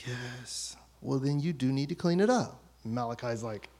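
A man's voice: mid-range voice, moderate pace, a little mellow. A man in his thirties preaching a sermon as pastor, telling a story about his children and acting out their voices.

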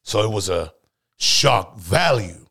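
A British man hosting a podcast, chatting casually in a rowdy, high-energy way and laughing often. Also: lively intonation, takes it slowly, vocal fry, bright, forceful tone, slightly rough. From United Kingdom. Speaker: podcast host.

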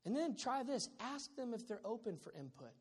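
High-voiced joking pastor in a big hall. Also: male voice, normal speed, breathy edge. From Southern California. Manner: animated, joking preacher with sudden loud bursts. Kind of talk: sermon. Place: church sanctuary. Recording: long hall reverb.

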